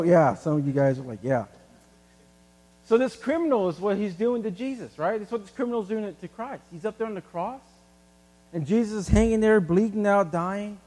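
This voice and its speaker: A man preaching a sermon in a casual, animated way, using everyday examples. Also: high-pitched, long reverb tail. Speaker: pastor.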